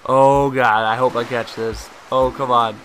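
With game music playing and heavy background noise, a young man talks his way through a let's play, rambling chattily and breaking into excited yells. His voice is mid-range and his pace unhurried.

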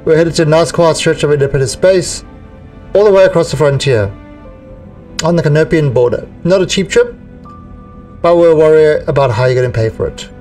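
A man reading as a calm mercenary officer. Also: on the high side, fairly quick, long pauses, far from the mic, faint music behind, close to an everyday voice. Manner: calm, reassuring briefing. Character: steady male mercenary executive officer.

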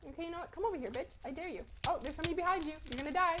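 A young woman with a high voice chats casually over her gameplay, swearing and joking. She keeps up a loose, rambling patter that bursts into sudden loud yells. She records on a close mic at home. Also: very fast, background noise. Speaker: gaming commentator.

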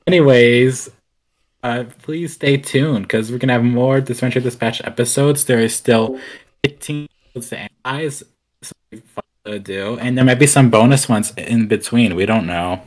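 A man's voice: mid-range voice, moderate pace, poor audio. A young man hosting a casual podcast chat, rambling along with lots of "like" fillers. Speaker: podcast host.

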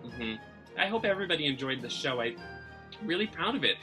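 A chatty, self-deprecating man from Massachusetts hosts a casual video-call interview. His voice is bright and forceful, and faint music plays underneath. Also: on the high side, very animated, brisk. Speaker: podcast host.

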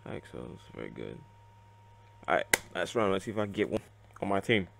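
A man giving live gameplay commentary, excitable and reactive, muttering and swearing at the game as he plays. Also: low-pitched, normal speed, vocal fry, background noise. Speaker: let's play gamer.

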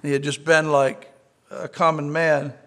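A man's voice: a little high, little pitch movement, a little slow, vocal fry, a bit bright. A man preaching a sermon as pastor, earnestly telling a story and quoting scripture. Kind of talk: sermon with read-aloud story.

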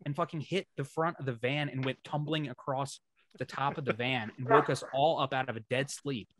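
A man's voice: mid-range voice, brisk, slight background noise. A man in a casual podcast chat, telling road stories with lots of swearing and acting out what others said. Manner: animated storyteller, swears freely, acts out what others said. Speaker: band member telling tour stories.

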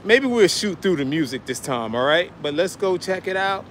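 An upbeat man with a fairly high voice talks to his viewers as he walks a city street. He keeps a loose, chatty flow, recorded on a handheld camera mic, with a faint hum of traffic behind him. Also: animated, normal speed, fairly bright tone. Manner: upbeat, addresses viewers as y'all. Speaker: vlogger. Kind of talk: casual walk-and-talk vlog. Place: city street, then inside a restaurant.

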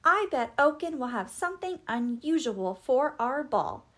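A woman playing a spirited young storybook princess, eager and bright, with a lively, bouncing pitch. She sounds quick and enthusiastic. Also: full character voice.

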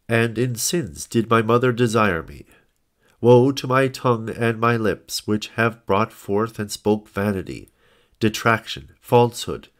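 A man's voice: lowish voice, lightly acted. A man reading the part of a dying righteous old man who laments his sins in solemn, archaic words. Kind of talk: scripted audiobook narration.

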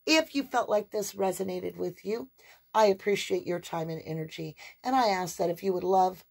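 A woman's voice: fairly low pitch, creaky, slightly rough. Chatty woman giving a tarot reading. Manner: animated, chatty, affectionate, sing-song emphasis. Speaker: tarot reader. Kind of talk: spiritual tarot reading to camera.

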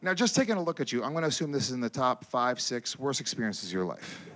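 A man doing a stand-up comedy set on stage, with a loud, animated delivery, profane banter with the crowd and shouted character voices. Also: mid-range voice, fast. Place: comedy stage before a live audience.

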